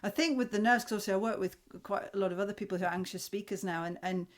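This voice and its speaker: A woman's voice: mid-range voice, racing. A woman hosting an interview as a voice coach, talking thoughtfully with restarts and frequent "you know". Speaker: host, voice coach. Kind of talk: conversational interview.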